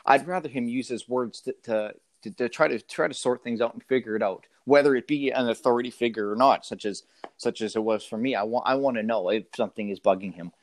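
A man's voice: mid-range voice, fast talker, no echo. A man in his thirties, a father talking in a casual interview, hesitant and full of fillers and restarts.

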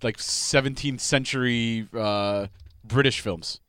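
A man's voice: mid-range voice, slow, fairly bright tone, smooth, dry recording, clean studio sound. A man in casual banter, joking and teasing sarcastically.

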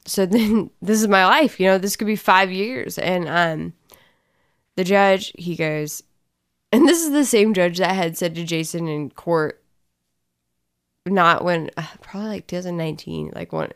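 A woman's voice: on the low side, unhurried, clear, resonant tone. A woman talking candidly in a casual testimony chat, rambling and emotional as she tells her story. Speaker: co-host sharing her story.

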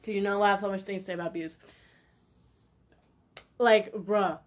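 A woman's voice: medium pitch, fairly even intonation, moderate pace. A young woman hosting a solo podcast, ranting bluntly and heatedly in a slangy way, repeating her points for emphasis. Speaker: podcast host. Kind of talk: opinionated solo podcast rant.

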